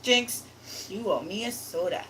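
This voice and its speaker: A woman's voice: mid-range voice, lively intonation, unhurried, bright, forceful tone, a little hiss or hum, rough recording. A woman co-hosting a casual chat, giggly and teasing. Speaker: co-host.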